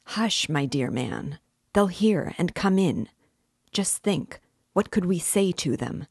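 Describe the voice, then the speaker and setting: A woman's voice: lowish voice, lively intonation, slow, gravelly, darkish tone, breathy edge, no echo, clean studio sound, voice pushed up, exaggerated voice. A woman reading an audiobook voices a chatty, ironical middle-aged male magistrate who fusses and needles. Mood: alarmed. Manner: chatty, mock-solicitous, needling.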